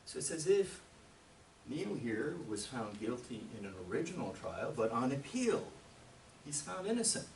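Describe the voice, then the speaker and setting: A man's voice: mid-range voice, very animated, normal speed, darkish tone, a little hiss or hum. A man giving a conference talk, emphatic and full of rhetorical questions to the audience, recorded on a distant camera in a hall. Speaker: conference speaker. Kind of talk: lecture to an audience. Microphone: far camera. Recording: distant camera mic in an echoey room.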